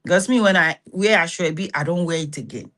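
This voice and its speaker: Her voice is on the low side, brisk and a bit bright: a middle-aged host with a Nigerian accent delivering a motivational self-help talk. She hands out blunt, scolding advice, frequently pausing to ask if you understand.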